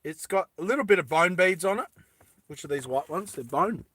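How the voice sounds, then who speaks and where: A man's voice: high-pitched, expressive, fairly quick, fairly bright tone, slightly rough, no echo. A man chatting casually and playfully with live viewers while he makes earrings, joking and giggling often. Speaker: live streamer making jewellery. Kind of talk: casual live-stream chat while crafting.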